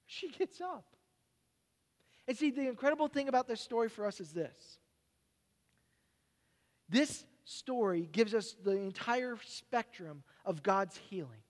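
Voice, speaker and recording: Male pastor preaching, high voice, lively then quiet and halting, echoing hall. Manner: animated storytelling, dropping to quiet, halting personal reflection. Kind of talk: sermon. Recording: long hall reverb.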